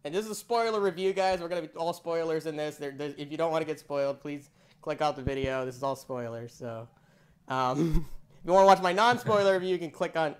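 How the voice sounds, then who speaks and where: A man's voice: fairly high pitch, a little fast, clear, resonant tone. Young man hosting a casual review chat. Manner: laughs often, loose and joking. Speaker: host.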